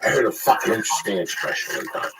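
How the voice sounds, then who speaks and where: A man's voice: on the low side, sing-song, racing, far from the mic. A man in casual profane chat, telling blunt stories with acted quotes about hustling. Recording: noisy recording.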